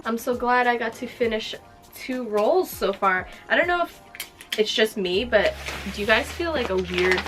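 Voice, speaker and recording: Twenties gal rambling while wrapping presents, heartfelt, lots of likes, soft music low behind her. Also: expressive, normal speed. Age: 20s. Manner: chatty and heartfelt, filler-heavy. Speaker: lifestyle vlogger. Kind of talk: casual chat while wrapping gifts.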